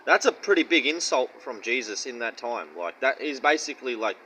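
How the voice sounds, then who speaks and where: A man's voice: mid-range voice, expressive, fairly quick, pushed and bright, a little hiss or hum, rough recording. A man giving casual Bible teaching in a blunt, profane, mocking way and rambling slang. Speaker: street-style preacher.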